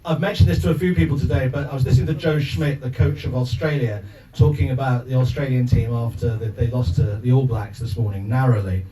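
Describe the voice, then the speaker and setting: A man's voice: mid-range voice, fairly even intonation, brisk, hardly any pauses, warm tone. Rambling older man giving an after-dinner speech. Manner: rambling, jokey anecdotes with frequent asides. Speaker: guest speaker presenting an award. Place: clubhouse function room with an audience. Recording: echoey room, mic at a distance, crowd noise.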